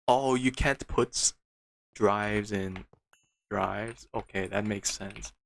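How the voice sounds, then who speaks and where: A man's voice: fairly low pitch, fairly even intonation, slow pace, gravelly, no echo, studio quality. A man streaming a game, muttering to himself with frustrated, disbelieving outbursts. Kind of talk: casual gameplay commentary.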